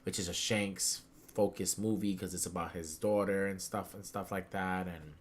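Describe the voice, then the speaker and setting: A young man chatting casually on a podcast, excitable and slangy, acting out characters' lines with big swings in his voice. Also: deep voice, normal speed, a little hiss or hum. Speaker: podcast co-host. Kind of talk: casual chat.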